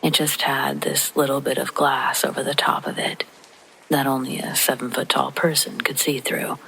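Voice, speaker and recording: A narrator telling a scary story in a hushed, half-whispered voice made for falling asleep to. The tone is bright and edged with a gravelly fry. Faint rain patters behind the voice. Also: medium pitch, level tone, normal speed, slight background noise, poor audio.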